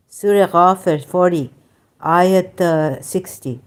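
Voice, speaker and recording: A woman's voice: fairly low pitch, lively intonation, measured pace, long pauses. A woman in pain giving an emphatic, rambling lecture, scolding her listeners. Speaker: religious critic. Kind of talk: lecturing monologue.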